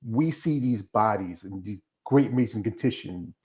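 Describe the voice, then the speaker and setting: A man's voice: fairly low pitch, animated, normal speed, a little mellow, lo-fi sound. A man hosting a casual interview, rambling and slipping into acted-out quotes. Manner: rambling, acts out quoted voices.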